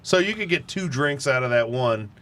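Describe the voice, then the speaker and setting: A man co-hosting a casual podcast, teasing his partner with quick banter. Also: mid-range voice, expressive, a bit bright. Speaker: podcast co-host. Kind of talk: casual chat.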